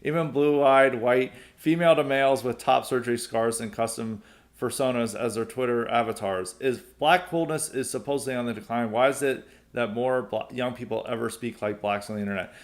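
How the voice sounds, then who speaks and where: A man's voice: mid-range voice, normal speed. A young adult man hosting a podcast, answering listener mail in a rambling way with frequent fillers and restarts. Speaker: podcast host. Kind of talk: casual mailbag commentary.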